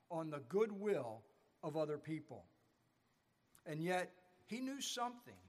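High-voiced preacher in a reverberant church. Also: male voice. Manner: storytelling preacher, rising and falling emphasis. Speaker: pastor. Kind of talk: sermon. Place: church sanctuary. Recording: church sanctuary with long reverb.

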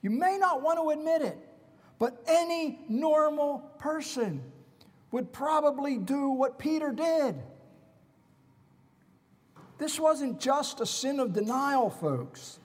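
A man preaching a sermon dramatically, swinging between loud emphasis and hushed whispers. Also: very high-pitched, animated, slow, pauses often, big-room sound.

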